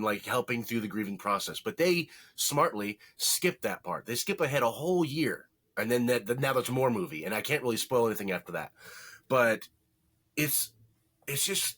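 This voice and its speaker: A man's voice: medium pitch, fairly bright tone. A man co-hosting a podcast, chatting casually about shows he watched, rambling and correcting himself with jokes. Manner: rambling, self-correcting, jokey. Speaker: podcast co-host. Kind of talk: casual movie review chat.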